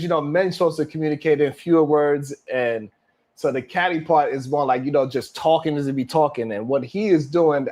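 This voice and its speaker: A man from New York hosts a live reaction stream, his voice sitting slightly high. He keeps it loose and casual and peppers his banter with curses. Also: a little mellow. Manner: loose banter, heavy cursing, frequent laughs. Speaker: live stream talk show host.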